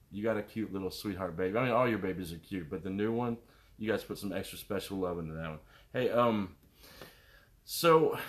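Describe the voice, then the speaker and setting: A middle-aged man, a musician, rambling casually to viewers on his live stream, greeting them by name and jumping between topics. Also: on the low side. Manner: animated, jumps between topics.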